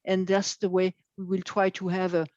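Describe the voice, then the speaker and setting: Woman host, halting and filler-heavy, dry dull video-call sound. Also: lowish voice, monotone, a little mellow, no echo. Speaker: event moderator. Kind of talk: hesitant live announcements.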